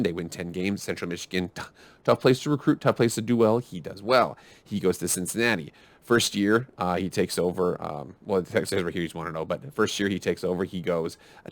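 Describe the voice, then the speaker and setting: Host, man, low-pitched, rapid rambling commentary, dry close mic. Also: dry recording. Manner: rambling, self-arguing, restarts often. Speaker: sports video host. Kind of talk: casual commentary.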